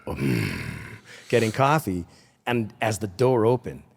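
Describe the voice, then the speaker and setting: A man's voice: on the low side, takes it slowly, creaky, husky. A man who hosts a talk show, chatting casually and teasing his guest with jokes. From Canada. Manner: joking, teasing, lively. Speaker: podcast host. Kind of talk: casual chat.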